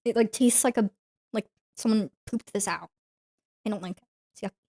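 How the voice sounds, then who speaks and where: A woman's voice: mid-range voice, moderate pace, warm tone. A young woman streamer chatting casually to her viewers, rambling with lots of fillers and giggling often. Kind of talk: casual livestream chat.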